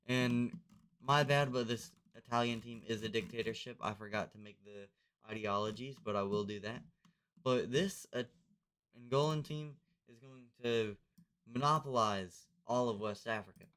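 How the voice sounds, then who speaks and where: A man's voice: mid-range voice, a bit bright, clean tone. A man narrating a map game casually, loose and rambling with lots of fillers. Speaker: video narrator.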